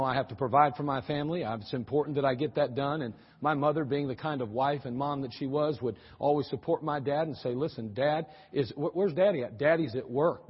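A man's voice: medium pitch, slightly rough. A man preaching a sermon, telling a childhood story in a folksy, humorous way and repeating phrases for emphasis. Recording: dull sound with long hall reverb.

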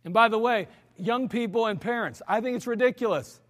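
A man's voice: high voice, a little fast, fairly bright tone, big-room sound. A man preaching a sermon as pastor, blunt and exhorting, scolding his listeners directly.

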